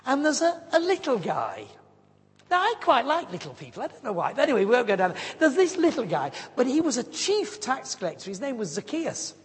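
A woman preaching a sermon, telling stories with lively acted-out voices. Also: on the high side, a little fast, breathy edge. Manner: animated storyteller acting out voices. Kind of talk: sermon storytelling. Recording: long hall reverb.

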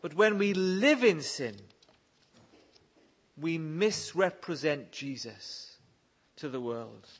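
A man's voice: on the high side, expressive, takes it slowly, long pauses, slightly rough. A man preaching a sermon, reading scripture verses aloud and pressing his listeners with earnest questions. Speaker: pastor.

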